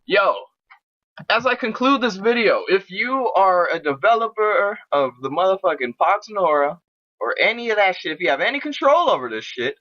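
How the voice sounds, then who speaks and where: A young man casually commentating his own strategy game match, swearing often and getting excited as he talks to viewers. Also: high voice, moderate pace, muffled recording.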